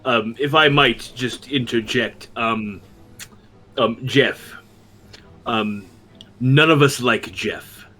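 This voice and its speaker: A man playing a tabletop game, speaking hesitantly with many pauses and ums. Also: medium pitch, sharp tone. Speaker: player.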